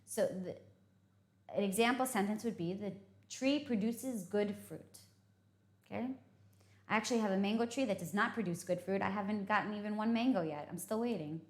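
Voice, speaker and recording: A woman's voice: medium pitch, fast. A woman teaching English vocabulary, explaining patiently and often checking in with "okay?". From United States. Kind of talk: vocabulary lesson. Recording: echoey room.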